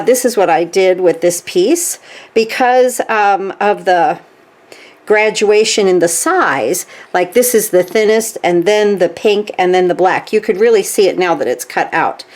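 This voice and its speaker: A woman's voice: lowish voice, normal speed, darkish tone. A woman demonstrating a stitching craft step by step, chatty, checking in with "okay?" as she works. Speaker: craft tutorial host.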